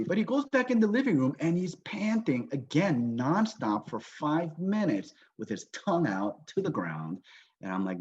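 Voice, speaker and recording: Man, motivational trainer, storytelling, video call, husky, muffled lo-fi audio. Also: on the high side, big pitch swings, normal speed, darkish tone. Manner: storytelling with acted-out quotes. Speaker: business trainer. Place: home, Las Vegas.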